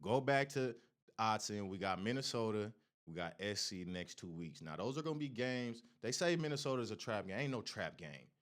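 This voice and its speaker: A man's voice: fairly low pitch, lively intonation, normal speed. A man hosting a sports show, delivering a heated, profane college football rant that trash-talks rival fans. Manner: Oregon fan taunting rival fans.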